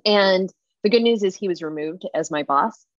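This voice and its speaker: A woman guest retelling a workplace story in casual, animated talk full of fillers. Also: medium pitch, normal speed, no echo. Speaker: interview guest. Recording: muffled lo-fi dry recording.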